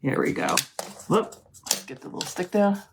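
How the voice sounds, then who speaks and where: A woman's voice: mid-range voice, expressive, normal speed, noisy background. A middle-aged woman hosting a live crafting demonstration, chatty and gushing, often calling her viewers "ladies". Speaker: crafting live-stream host.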